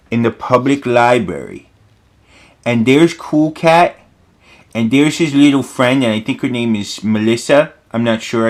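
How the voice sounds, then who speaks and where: A man at home talks through his sketches in a mock-earnest, deadpan ramble, full of ums and restarts. His voice sits at an ordinary middle pitch. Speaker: host of an art commentary video. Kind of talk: mock-earnest comedic commentary.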